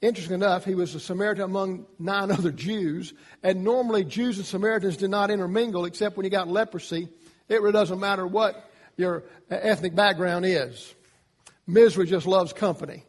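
A man preaching a sermon, emphatic, his voice rising in pitch and loudness on key points. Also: brisk, long reverb tail. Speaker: pastor.

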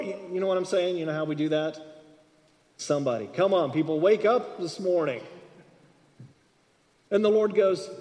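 A man with a high voice preaches in a church, his words ringing out with a long hall reverb. He preaches with animation, acting out little dialogues and swinging between loud and soft. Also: moderate pace. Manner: animated, acts out dialogue with shifts in loudness. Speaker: pastor. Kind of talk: sermon.

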